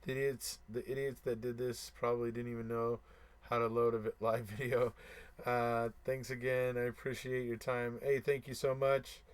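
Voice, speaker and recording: A man's voice: mid-range voice, flat delivery, moderate pace, smooth. A man hosting a casual live stream, reading viewer comments aloud and answering them, who repeats himself for emphasis and chuckles between remarks.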